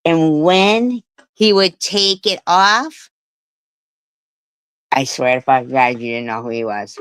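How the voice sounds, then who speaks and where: A woman's voice: deep voice, steady tone, takes it slowly, long pauses, a bit bright, clear, resonant tone, dry recording, low-quality recording. A middle-aged woman hosting a live stream, telling a rambling story with swearing and laughs. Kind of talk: casual live stream chat.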